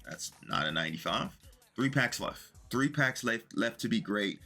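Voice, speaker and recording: A man casually talking viewers through a video game, chatty and working through his math out loud. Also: mid-range voice, animated, normal speed, faint music behind. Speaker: gaming video creator. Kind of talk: casual commentary to viewers while opening packs.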